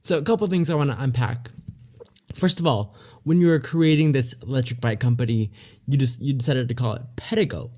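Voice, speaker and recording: A young man hosts an interview podcast in a relaxed way. He asks curious follow-ups and reacts to his guest's answers. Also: medium pitch, brisk. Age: young adult. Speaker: podcast host. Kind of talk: interview questions.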